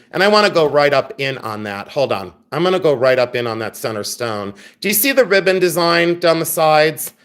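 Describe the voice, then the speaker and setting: A man's voice: fairly high pitch, a bit bright. A middle-aged man hosting a live jewelry sale, chatty and joking, thanking viewers by name as he shows items. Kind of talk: live-stream selling chat.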